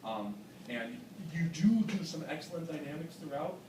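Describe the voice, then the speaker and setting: A man's voice: on the high side, lively intonation, normal speed. Encouraging male vocal coach, roomy and distant. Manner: encouraging, explanatory, with frequent "um"s. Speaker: vocal adjudicator. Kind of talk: masterclass critique. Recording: echoey room from a distant mic with background noise.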